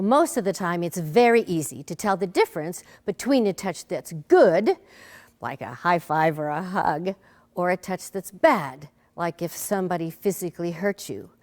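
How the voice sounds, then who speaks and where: A woman teaching a preschool lesson, talking gently to a bear puppet and young children. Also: on the low side.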